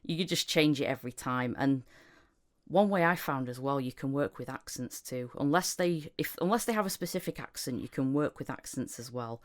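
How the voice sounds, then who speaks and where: A British woman with a notably low, deep voice hosts a casual podcast chat. She rambles and restarts her sentences as she thinks aloud. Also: creaky. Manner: rambling, halting, with many restarts. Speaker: podcast host and voice actor.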